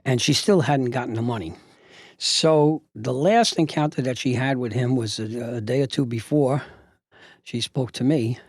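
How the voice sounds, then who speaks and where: A man's voice: medium pitch, normal speed, darkish tone, husky, dry recording, studio quality. An older man, a retired judge, telling a story from a past case in a rambling way, with many fillers and restarts. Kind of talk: storytelling monologue.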